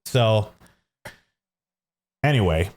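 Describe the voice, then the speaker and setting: Fairly low and a little mellow, this Canadian streamer's expressive voice draws out its words as he tells a laid-back story while gaming at home. Close on a studio dynamic microphone, he wanders off track, restarts sentences, uses plenty of fillers, and teases himself throughout.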